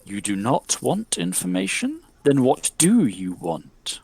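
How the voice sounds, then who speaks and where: A man voicing an eerie spirit that speaks slowly and low, with a honeyed tone. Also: wildly swooping pitch, gravelly, darkish tone, breathy edge, dry recording, exaggerated voice. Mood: menacing. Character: shimmering genderless spirit, slow, honeyed and eerie.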